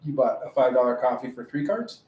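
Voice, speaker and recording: A man's voice: medium pitch, expressive, a little fast, reverberant, highs cut off, a little hiss or hum. A man co-hosting a casual podcast, telling a story and laughing often as he talks. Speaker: podcast co-host. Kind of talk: casual chat.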